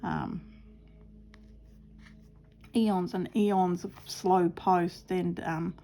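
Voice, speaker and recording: A woman's voice: fairly low pitch, fairly even intonation, very slow, gravelly, dark tone, faint music behind. A middle-aged woman chatting cheerfully while sewing at her craft table, telling stories and laughing often. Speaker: craft vlogger.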